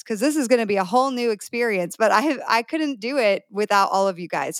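A woman's voice: medium pitch, no echo, studio quality. A woman hosting a group podcast chat, bubbly and enthusiastic, cheering her guests on. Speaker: podcast host.

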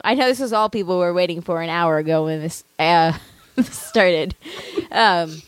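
A woman's voice: medium pitch, smooth, dry recording. A woman in her thirties co-hosting a podcast, reading an article aloud in casual chat and laughing often with jokey asides. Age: 30s. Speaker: podcast co-host.

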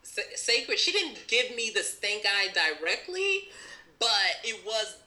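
A woman's voice: on the high side, sing-song, takes it slowly, sharp tone, poor audio. A young woman hosting a podcast in a casual chat, enthusiastic and affirming, laughing often. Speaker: podcast host.

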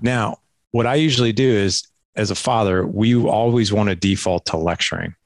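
Gravelly-voiced man telling dad stories. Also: fairly low pitch, normal speed, no room sound. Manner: animated storytelling, acts out dialogue with his kids; filler-heavy, frequent "like" and "right?". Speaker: podcast guest, dad coach. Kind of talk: conversational interview.

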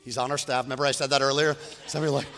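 Middle-aged male pastor; animated sermon delivery, bright high voice, echoing hall. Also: racing. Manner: animated, swinging from quiet storytelling to loud preaching.

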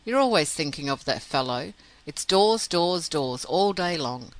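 A man reading the part of a proud, jealous young officer in an audiobook, speaking roughly and irritably. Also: a little high, expressive, measured pace, a bit bright, dry recording, rough recording. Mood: irritable.

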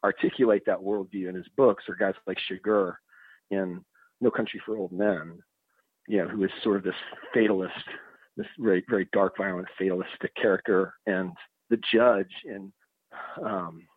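Low-voiced man musing over books, halting restarts, tinny phone-like sound. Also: steady tone, husky, no room sound. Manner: thoughtful, hesitant, many restarts. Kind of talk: casual conversation.

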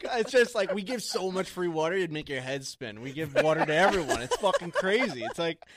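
A young man from New chatting casually on a podcast, his voice sitting a little high. He tells stories in an animated, profane rush and laughs easily. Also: brisk, crowd noise. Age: 20s. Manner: animated, swearing, laughing storyteller. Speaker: podcast co-host. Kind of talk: casual chat.

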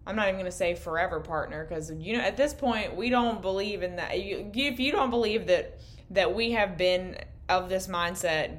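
A young woman co-hosting a podcast, chatting candidly and rambling late at night, swearing freely, her voice a bit worn. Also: fairly low pitch. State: losing her voice. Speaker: podcast co-host. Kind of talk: casual late-night chat. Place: indoor room, in person.

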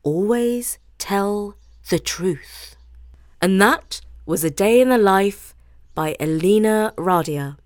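A woman hosting a show, reading a children's story aloud in an expressive way. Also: mid-range voice, no echo, clean studio sound. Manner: expressive, animated. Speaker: host reading children's stories.

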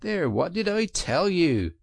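A man voicing a brisk, kindly male water rat who is easily exasperated, speaking emphatically. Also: mid-range voice, big pitch swings, vocal fry, breathy edge, no echo, exaggerated voice. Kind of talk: audiobook character reading.

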